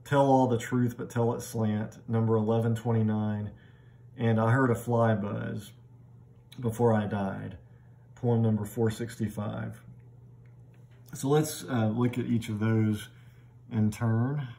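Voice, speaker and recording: A middle-aged man giving a recorded literature lecture in a conversational way, often repeating words as he thinks and slowing down to read poem lines aloud. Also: lowish voice, steady tone, gravelly, mellow.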